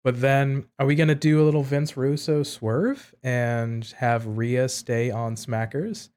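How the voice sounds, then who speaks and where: Man calmly recapping on a podcast. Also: mid-range voice, unhurried, clean tone. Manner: methodical, recapping and reasoning aloud. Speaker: podcast co-host. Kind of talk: casual chat.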